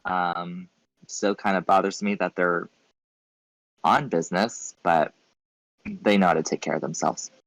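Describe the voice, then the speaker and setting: A man's voice: low-pitched, fairly even intonation, unhurried, long pauses, fairly bright tone, no room sound, low-quality recording. A man playing a tabletop game, casual and laughing as he describes his character. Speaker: player. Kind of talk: tabletop role-play.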